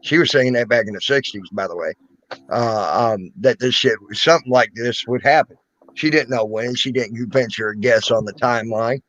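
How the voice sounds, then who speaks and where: A man's voice: mid-range voice, moderate pace, fairly bright tone, dry recording, lo-fi sound. A man hosting a casual online talk show, rambling and joking crudely. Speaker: host.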